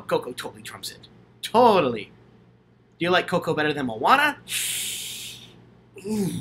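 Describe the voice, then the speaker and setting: A man's voice: on the high side, bright, forceful tone, slight background noise. A man hosting a casual livestream Q&A, answering viewer questions while holding his own camera. He talks in an enthusiastic, gushing way, full of fillers and restarts. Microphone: handheld camera, self-filmed.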